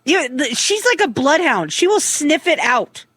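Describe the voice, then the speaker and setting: Brief: middle-aged woman co-host, higher pitch, lively storyteller, dry close studio sound. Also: normal speed, no echo. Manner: animated storytelling, frequent swearing. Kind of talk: casual chat.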